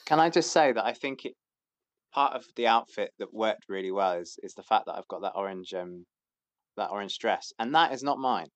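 A man's voice: on the low side, animated, a little fast, no room sound. A man, chatting hesitantly as a podcast guest, with many fillers and restarts. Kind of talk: casual chat.

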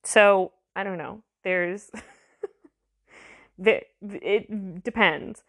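A woman's voice: mid-range voice, extremely slow, fairly bright tone. A woman giving a casual, rambling language lesson, full of fillers and restarts. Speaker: language tutor.

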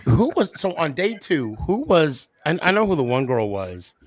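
A man's voice: a little high, sing-song, moderate pace, dry recording. A man co-hosting a casual sports talk show, asking curious, joking questions. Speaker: podcast co-host. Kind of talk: casual chat.

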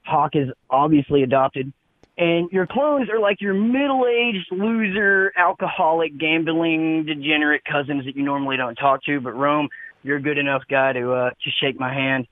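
A man's voice: fairly high pitch, moderate pace. A man calling into a radio show, laid-back and rambling, peppering his talk with "man". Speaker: caller. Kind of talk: prepared call-in speech. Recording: phone line.

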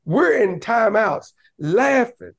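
A man talking casually as a podcast guest, telling lively stories and breaking into raised voices to act out what others said. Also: high voice, slow pace, gravelly. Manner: animated, laughing, acts out quotes in raised voice. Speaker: podcast guest, basketball coach. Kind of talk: casual storytelling.

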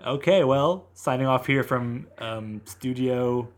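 A young man hosting a podcast from a recording studio, chatting casually in a relaxed, teasing way. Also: mid-range voice, slow. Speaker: podcast host. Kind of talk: casual chat.

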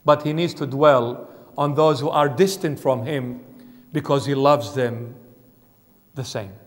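A man's voice: mid-range voice, unhurried, big-room sound. A man, a bishop, preaching a sermon emphatically and putting questions straight to his congregation. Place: church.

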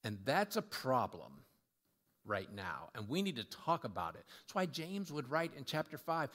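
A man's voice: mid-range voice, sing-song, moderate pace. A man preaching a sermon as pastor, conversational and full of rhetorical questions. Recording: long reverb of a large hall.

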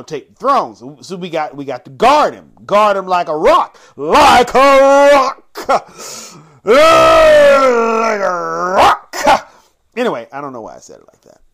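A man hosting a podcast in a casual monologue, talking dramatically and mixing quick asides with slow, drawn-out, emphatic phrases. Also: fairly high pitch, fairly bright tone. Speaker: podcast host.

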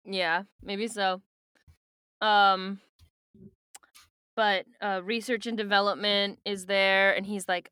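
A woman's voice: medium pitch, level tone, slow pace, long pauses, pushed and bright, clean tone, dry recording, studio quality. A woman co-hosting a podcast in casual book-club chat, talking with lots of fillers and offhand swearing. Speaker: podcast co-host.

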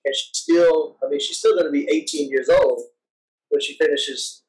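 A man's voice: a little high, fairly even intonation, normal speed, a little mellow, distant mic, poor audio. A man hosting a podcast in casual chat, enthusiastic and full of restarts. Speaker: podcast host.

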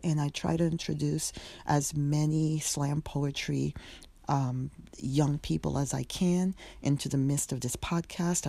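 A woman's voice: sits low, warm tone, no echo. A middle-aged woman hosting a solo podcast in casual, heartfelt talk, often dropping to a whisper. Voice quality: husky, gravelly. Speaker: podcast host.

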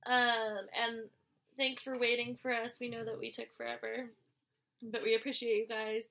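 A woman's voice: fairly high pitch, level tone, normal speed, a bit bright. A woman co-hosting a casual podcast, her voice sick, earnestly sharing opinions about a reality TV show. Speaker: podcast co-host.

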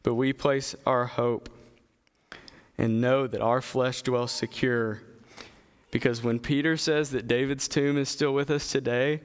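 A man giving an earnest sermon, reading scripture aloud and speaking with halting restarts and fillers. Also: medium pitch, fairly even intonation, smooth, in a large hall. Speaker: preacher.

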